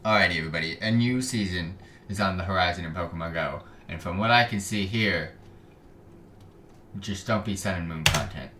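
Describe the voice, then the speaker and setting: A man's voice: low voice, a little fast, bright, forceful tone, slight background noise. Sarcastic streamer man, echoey room. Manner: sarcastic, trailing off, self-interrupting. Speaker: gaming streamer reacting to videos. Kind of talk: casual reaction commentary.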